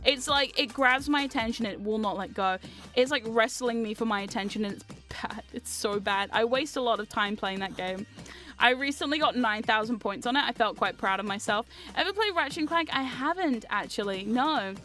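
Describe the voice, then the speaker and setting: A woman's voice: fairly high pitch, moderate pace, bright, forceful tone. A young woman streamer chatting casually and animatedly, reading chat aloud and swearing freely. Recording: faint music behind.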